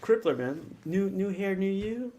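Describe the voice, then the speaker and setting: Laughing, lively male stream host. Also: high-pitched, measured pace, a little hiss or hum. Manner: laughs often, friendly and upbeat. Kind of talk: casual livestream chat.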